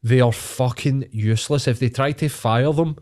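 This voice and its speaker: A man's voice: medium pitch, normal speed, a little mellow. A Scottish man ranting heatedly on a podcast, swearing freely in casual chat. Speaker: podcast co-host.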